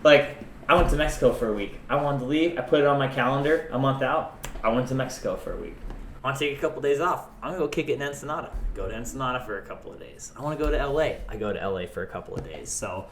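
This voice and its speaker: A man's voice: medium pitch, animated, very fast, a bit bright. A young adult man, a chef and restaurant owner, talking candidly and rambling in a casual interview, swearing freely. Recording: echoey room with faint noise.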